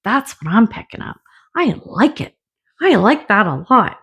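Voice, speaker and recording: Chatty, lively woman reading tarot. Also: lowish voice, normal speed, gravelly. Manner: chatty, laughing, swears, acts out little voices. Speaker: tarot reader. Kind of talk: casual tarot reading monologue.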